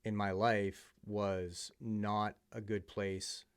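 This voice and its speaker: A man with a fairly low voice speaks as a podcast guest. He tells his story in an earnest, heartfelt way, with plenty of um's and restarts. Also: flat delivery, extremely slow, clean tone. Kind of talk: personal testimony in conversation.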